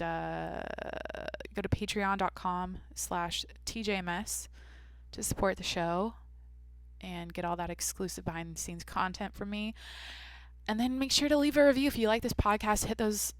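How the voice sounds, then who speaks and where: A woman in her twenties hosts a solo podcast from a small home studio, her medium-pitched voice at normal speed with no echo. Speaking into a microphone, she rambles candidly and swears casually.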